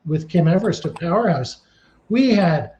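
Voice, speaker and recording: High-voiced man in his sixties telling stories. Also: moderate pace, slight background noise. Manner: animated, acts out the scenes he describes. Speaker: casting director. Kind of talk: storytelling in an interview. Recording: dull lo-fi sound.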